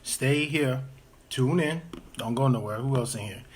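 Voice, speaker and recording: A man's voice: mid-range voice, unhurried, slight background noise. Urgent, pleading man live-streaming. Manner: urgent, pleading, greets viewers by name. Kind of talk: casual live-stream talk to viewers.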